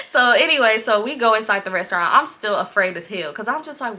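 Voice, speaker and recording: A young woman from Los Angeles, telling a casual storytime vlog story in an animated, profane way, laughing often. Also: fairly high pitch, fast talker, hardly any pauses. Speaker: vlogger.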